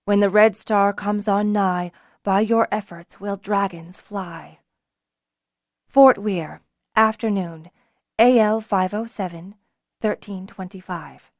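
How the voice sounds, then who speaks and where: Woman, audiobook narrator, fantasy story, measured delivery, mid pitch, dry close sound. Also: no room sound.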